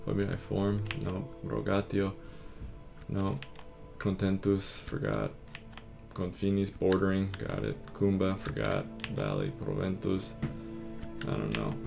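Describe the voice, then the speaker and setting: Low gravelly guy mumbling through flashcards, faint music under it. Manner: terse, muttering one-word answers and verdicts. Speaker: vlogger drilling vocabulary. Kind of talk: muttered self-quizzing.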